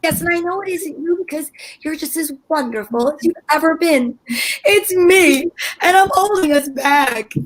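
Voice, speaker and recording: A woman's voice: high voice, expressive, moderate pace, rough recording. A woman playing a melodramatic, fretful wife in an old-time radio play. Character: fretful wife Liz, dramatic and self-pitying. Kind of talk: 1940s radio acting.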